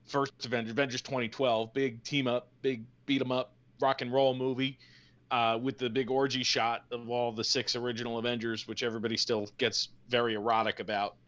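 A man's voice: mid-range voice, little pitch movement, fairly quick, a bit bright, dull audio. A man co-hosting a podcast in casual chat, rambling and joking, with lots of fillers. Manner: rambling, jokey, full of fillers. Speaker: podcast co-host.

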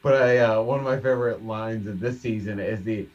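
A man's voice: lowish voice, fairly even intonation, brisk, a little mellow, recorded from a distance, highs cut off. A man co-hosting a casual podcast over drinks, joking, laughing often and swearing casually. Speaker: podcast co-host.

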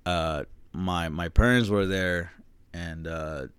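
A man's voice: sits low, slow, clear, resonant tone, no echo. A man in his twenties co-hosting a podcast, telling a story in a laid-back way, swearing and laughing often. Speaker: podcast co-host. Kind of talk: casual chat.

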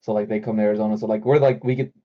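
A man's voice: lowish voice, steady tone, very fast, lo-fi sound. A man from the Chicago area, co-hosting a casual chat and telling riled-up, profane stories. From Chicago area, USA. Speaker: podcast co-host.

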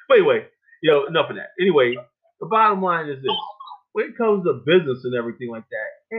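A man's voice: fairly high pitch, animated, fast. Blunt, profane older man on phone line. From Virginia. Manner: blunt, profane, rambling with many fillers. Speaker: host. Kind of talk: casual on-air talk. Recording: phone-like narrow band.

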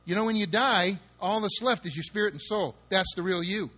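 A man's voice: high-pitched, brisk, sharp tone. A man preaching a sermon with emphatic, dramatic delivery, acting out the scenes he describes. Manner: emphatic, dramatic, spells words out and acts out quotes.

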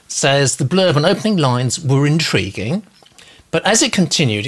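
Bright-voiced host reading comments. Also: male voice, medium pitch. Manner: reads out viewer comments with quick asides. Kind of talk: casual live-stream chat.

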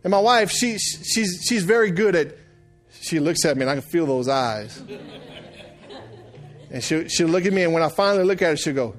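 A middle-aged man preaching a sermon, telling stories that swing from quiet, hushed lines to loud shouted outbursts. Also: sits high, expressive, brisk, soft background music. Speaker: pastor.

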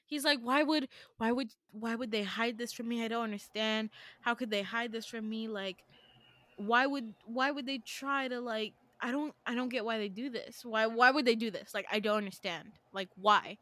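A woman's voice: fairly high pitch, moderate pace, fairly bright tone, no room sound, natural voice. A woman quoting a distraught young man in her story, with agitated, repeated questions and her own voice barely changed.

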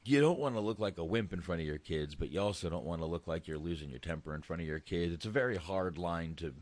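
A man's voice: sits low, fast talker, darkish tone. A man in his thirties in casual chat, a laid-back, rambling and profane storyteller.

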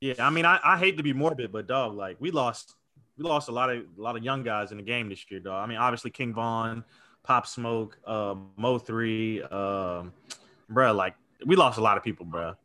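A man's voice: mid-range voice, normal speed, pushed and bright. A young man co-hosting a casual chat, easygoing and teasing. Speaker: podcast co-host.

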